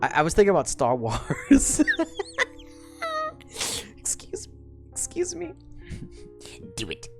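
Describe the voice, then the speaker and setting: A woman's voice: low-pitched, takes it slowly, long pauses, faint music behind. A woman streamer casually recapping a story, swearing a lot and laughing often. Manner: profane, animated, laughs often.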